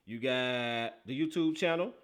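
A man's voice: medium pitch, unhurried, a bit bright, smooth. A man hosting his football talk show, hyped and playful, with easy slang and a casual patter. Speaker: podcast host. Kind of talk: casual chat.

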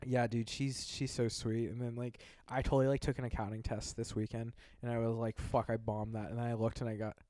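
A man's voice: mid-range voice, little pitch movement, brisk, few pauses, mellow, no echo, clean studio sound. A young man hosting a podcast, chatting casually in a loose, joking way with plenty of swearing. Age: young adult. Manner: loose, profane, rambling, jokey. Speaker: podcast host. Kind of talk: casual chat.

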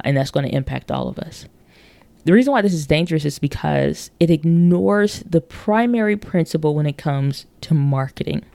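A woman's voice: low-pitched, creaky, mellow, no echo. A woman hosting a podcast, talking casually and rambling with many fillers and restarts, acting out quoted voices as she tells stories. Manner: acts out quoted voices in storytelling. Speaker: podcast host. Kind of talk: casual monologue on marketing.

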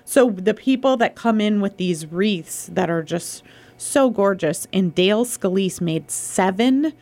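A woman's voice: medium pitch, lively intonation, unhurried, a little mellow. A woman hosting a local radio show, chatting casually and enthusiastically with her guest. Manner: chatty and enthusiastic, thanks people.

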